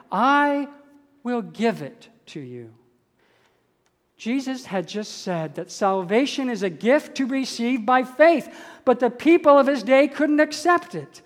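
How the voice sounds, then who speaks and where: An older man from Canada preaching a sermon, with measured delivery and slow emphatic stresses on key words. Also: very high voice. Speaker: pastor. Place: church sanctuary. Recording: church hall with long reverb.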